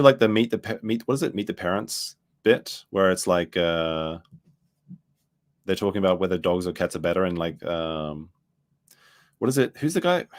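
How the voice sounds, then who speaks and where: A man with a low voice doing casual streamer commentary. He rambles, swears freely and loses his place mid-sentence. His pitch swings widely as he talks. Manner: rambling, profane, loses his train of thought.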